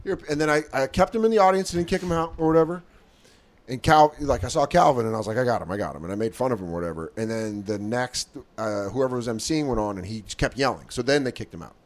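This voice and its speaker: A man's voice: medium pitch, fast. A man co-hosting a comedy podcast from the studio, rambling through a story and acting out the quotes. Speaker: podcast co-host. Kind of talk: casual comedic chat.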